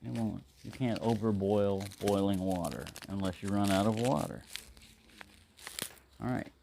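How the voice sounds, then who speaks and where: A man's voice: lowish voice, measured pace, gravelly, background noise. A man talking casually to the camera as he cooks, rambling, talking to himself and answering in silly voices. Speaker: outdoor cooking vlogger. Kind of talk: casual talk to camera while cooking.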